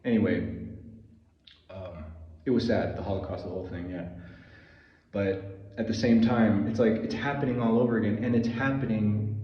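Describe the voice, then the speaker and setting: A man's voice: lowish voice, fairly even intonation, moderate pace, long pauses. A man ranting heatedly in a solo vlog, swearing often and stumbling over repeated restarts. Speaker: vlogger. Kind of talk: solo opinion rant to camera. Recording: echoey room, far from mic, dull lo-fi.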